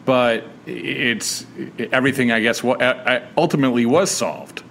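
A man's voice: medium pitch, moderate pace, vocal fry, fairly bright tone, slight background noise. A man hosting an interview show, asking questions in a loose, chatty way and laughing easily. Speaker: podcast host. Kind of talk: casual interview conversation.

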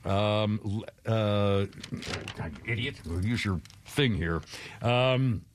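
A man's voice: lowish voice, takes it slowly, slight background noise. An older man hosting a radio show, rambling through a self-deprecating chat with chuckling asides.

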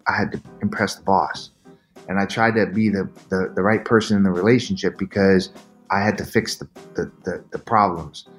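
A middle-aged man with a fairly low voice tells his story as a podcast guest, earnest and animated, jumping into quoted voices. Faint music plays softly beneath him. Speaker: podcast guest, endurance athlete. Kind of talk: candid storytelling interview.

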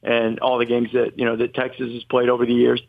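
A podcast guest argues about college football in a casual sports debate, rambling, opinionated and correcting himself as he goes. His medium-pitched voice is monotone with vocal fry and a quick pace, heard dry over a tinny, phone-like line.

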